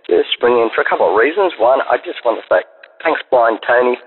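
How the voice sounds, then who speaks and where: Husky Australian man on a phone line. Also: medium pitch, animated, fast. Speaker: caller. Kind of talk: phoned-in voicemail. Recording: tinny phone line with reverb.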